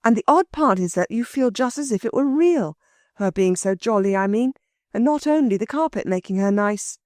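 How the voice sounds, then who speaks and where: A woman voicing plainspoken schoolboys who talk gruffly among themselves. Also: medium pitch, lively intonation, moderate pace, a little mellow, no room sound, studio quality, lightly acted. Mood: plain.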